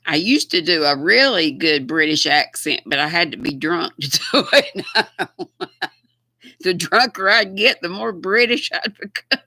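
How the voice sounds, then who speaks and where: Older woman, Southern US accent, livestream host, slow folksy chat, gravelly and bright. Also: lowish voice, expressive, dry recording. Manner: folksy, chatty, laughs often. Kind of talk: casual livestream chat with viewers.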